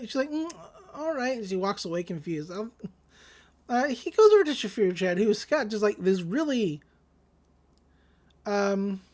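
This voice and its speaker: Young woman acting out anime scenes. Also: medium pitch. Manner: retells scenes with quick acted voices for each character. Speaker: podcast co-host. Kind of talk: casual recap of an anime episode.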